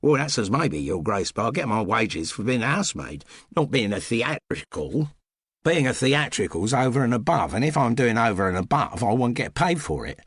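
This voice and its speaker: A man's voice: mid-range voice, big pitch swings, normal speed, breathy edge, dry recording. A man voicing a cheeky young housemaid with a Cockney accent, chatty and practical. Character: cheeky young cockney housemaid, former music-hall player.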